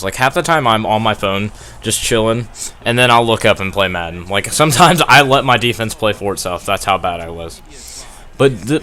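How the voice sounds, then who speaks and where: A young man talks over his football game replay in a loose, rambling way. His voice is bright and a little low, and he laughs at his own mistakes and flares up when plays go wrong. It sounds like a gaming headset at home. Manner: rambling, self-deprecating, laughs often, gets worked up. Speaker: gaming commentator. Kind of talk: casual gameplay commentary. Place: at home playing on a TV.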